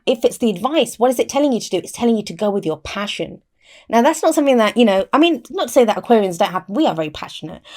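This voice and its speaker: A woman's voice: mid-range voice, darkish tone. A woman giving a casual tarot reading to camera, chatty and explaining each card, often restarting her sentences, with a microphone close by. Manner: chatty, explains cards with frequent restarts and "I always say". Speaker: tarot reader. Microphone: mic within reach of her arm.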